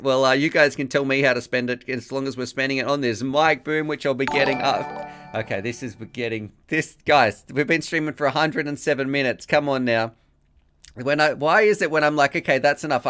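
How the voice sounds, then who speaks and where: A man hosts a live stream in a casual, rambling way. He keeps thanking viewers and laughs often while reading their messages. His voice sits at a middle pitch. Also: fairly bright tone.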